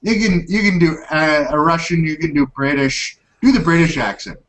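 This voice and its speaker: A man's voice: fairly high pitch, moderate pace, a bit bright, rough recording. A man hosting a casual tech podcast, chatty and upbeat, rambling as he talks. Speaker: tech show host.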